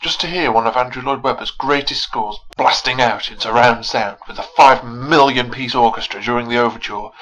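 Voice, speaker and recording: A man narrating a scripted film review in a sarcastic, animated, mocking way. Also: mid-range voice, normal speed, hardly any pauses, low-quality recording.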